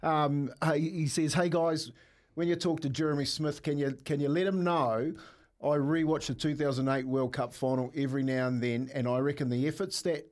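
A man's voice: on the high side, fairly even intonation, moderate pace. A man co-hosts a sports radio show. He tells rugby league stories with real enthusiasm, calling his listeners and colleagues "mate" as he goes. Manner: storytelling, says "mate" a lot, warm enthusiasm. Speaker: radio co-host, former rugby league selector.

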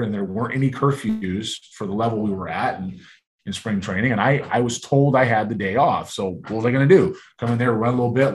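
A man's voice: mid-range voice, reverberant. A man, a former ballplayer, casually telling a rambling story full of quoted dialogue.

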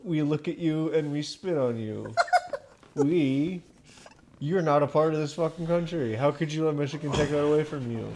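A man's voice: fairly high pitch, normal speed, a little mellow, a little hiss or hum. A young man co-hosting a casual podcast, goofy and crude, often mumbling. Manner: goofy, mumbling, silly taunts. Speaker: podcast co-host.

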